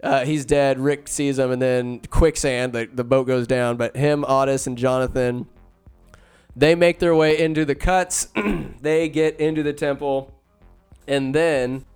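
A man casually retelling a movie plot with sarcastic, jokey asides, jumping between loud bursts and muttered remarks. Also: mid-range voice, fairly even intonation, unhurried, clean tone, faint music behind. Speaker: movie recapper. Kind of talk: casual comedic movie recap.

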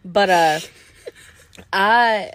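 A woman, co-hosting a podcast and telling stories in a casual, animated way. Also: medium pitch, drawn-out words. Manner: animated, acts out quotes in exaggerated voices. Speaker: podcast co-host. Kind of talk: casual storytelling chat.

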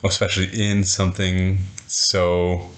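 A man co-hosts an intimate couple's podcast with his wife. His voice is very low, and he talks calmly and thoughtfully with a loose, casual tone. He swears offhandedly now and then. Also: a little slow. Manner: calm, reflective, casual swearing. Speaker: podcast co-host.

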